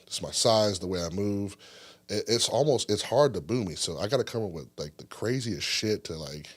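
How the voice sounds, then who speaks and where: A man guesting on a podcast interview, telling animated stories with lots of swearing, his voice jumping up when he gets excited. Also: fairly low pitch, normal speed. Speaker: guest wrestler.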